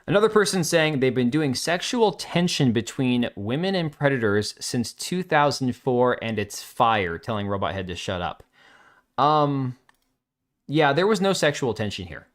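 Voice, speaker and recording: A man with a medium-pitched voice hosts a livestream in a loose, casual way. He reads viewer comments aloud and answers them with blunt, sarcastic asides. His delivery is offhand and unscripted. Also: big pitch swings, normal speed. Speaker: livestream host.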